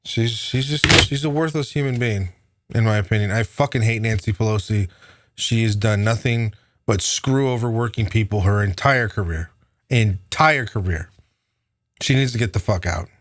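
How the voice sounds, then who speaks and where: A man's voice: lowish voice, moderate pace, dry recording, studio quality. A man delivering an angry, profane political rant, heated and sneering. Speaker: political commentator.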